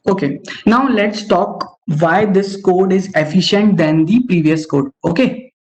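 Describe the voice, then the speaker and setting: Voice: mid-range voice, unhurried, a little mellow. A young adult teaching algorithms in an online webinar, saying okay constantly and correcting themself mid-sentence. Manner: says okay constantly, stops to correct itself. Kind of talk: online coding lecture. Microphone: online call microphone. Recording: dull lo-fi call audio.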